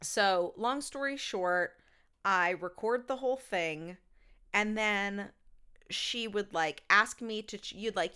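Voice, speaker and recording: A woman's voice: medium pitch, normal speed, pushed and bright, clear, resonant tone. A woman co-hosting a podcast, telling a long, sweary story in casual chat. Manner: ranting storyteller, swears freely. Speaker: podcast co-host.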